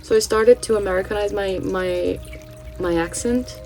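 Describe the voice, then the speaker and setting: A woman's voice: mid-range voice, normal speed, a little mellow, faint music behind, rough recording. A Brazilian-born woman in her thirties, a native Portuguese speaker with a mixed British and Californian English accent, chatting casually through an oracle card reading with many ums and restarts. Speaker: channel host, spiritual card reader.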